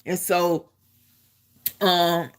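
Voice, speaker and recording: A middle-aged woman and army veteran, casually telling a story to the camera in an animated way, often repeating herself and laughing. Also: lowish voice, extremely slow, clean tone.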